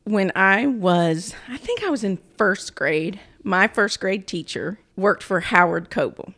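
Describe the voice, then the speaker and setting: A woman's voice: medium pitch, a little slow. Woman, 40s, North Carolina country drawl, chatty guest storyteller. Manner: chatty, storytelling, animated asides. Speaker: political consultant guest. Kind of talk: casual interview talk.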